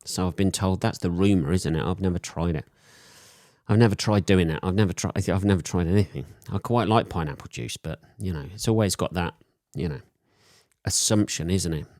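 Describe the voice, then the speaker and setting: A man's voice: low voice, fairly quick, a little mellow, dry recording, studio quality. A man with a sore throat from a cold, hosting a solo podcast and rambling in crude, profane jokes. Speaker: podcast host.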